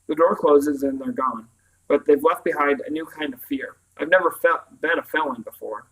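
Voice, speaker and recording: A man reading a novel aloud in the first person, telling the story in a calm, even way. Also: fairly high pitch, moderate pace, poor audio. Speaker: audiobook reader. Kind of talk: first-person audiobook narration.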